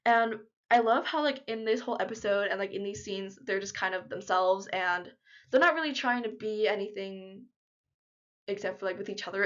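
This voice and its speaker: A young woman talking casually to camera in an unedited vlog, chatty and full of fillers, gushing like an excited fan. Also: mid-range voice, moderate pace. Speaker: vlogger. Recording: slightly dull lo-fi audio.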